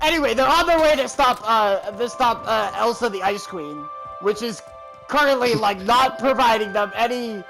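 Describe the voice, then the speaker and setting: A man's voice: very high voice, normal speed, low-quality recording. A young man jokingly retelling a game's storyline to friends, rambling with plenty of fillers. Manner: rambling, lots of fillers and restarts, jokey. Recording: loud music behind.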